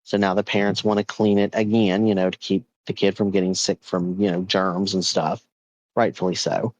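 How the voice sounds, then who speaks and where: A man's voice: deep voice, little pitch movement, normal speed, no room sound, dull audio. A man hosting a podcast, telling a ghost story in a loose, rambling way with lots of restarts. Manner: rambling, with many repeats and fillers. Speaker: podcast host.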